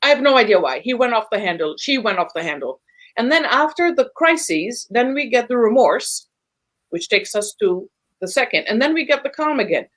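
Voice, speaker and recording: A woman's voice: a little high, very animated, normal speed, fairly bright tone. Emphatic woman explaining patterns. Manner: emphatic, teacherly, builds lists for emphasis. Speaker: guest speaker on relationships. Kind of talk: explanatory podcast talk.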